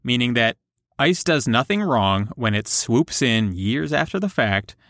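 A man co-hosting a podcast, explaining a court ruling in steady casual talk. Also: mid-range voice, a little slow, dry recording, studio quality. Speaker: podcast co-host.

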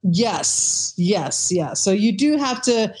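A woman speaking in an easygoing podcast chat, her pitch sitting in a middle range. She tells stories loosely, full of fillers and restarts, with the ease of a former bartender. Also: very animated, slow, a little mellow. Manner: chatty storyteller, many fillers and restarts.

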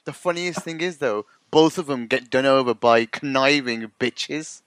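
A man hosting a podcast, chatting casually and excitably, swearing and laughing a lot. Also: medium pitch, measured pace, clean tone, no room sound. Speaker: podcast host. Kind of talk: casual chat.

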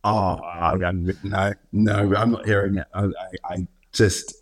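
A man's voice: fairly low pitch, measured pace. A man, an actor guest, chatting casually and animatedly, laughing often and acting out quotes. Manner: animated, laughing, full of restarts and acted-out quotes. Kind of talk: casual interview chat.

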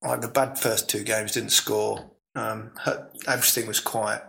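A man's voice: on the low side, little pitch movement, unhurried, creaky, bright, forceful tone, poor audio. A man in his sixties with an English accent, a former footballer as podcast guest, telling chatty stories and laughing along. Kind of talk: relaxed anecdotal storytelling.

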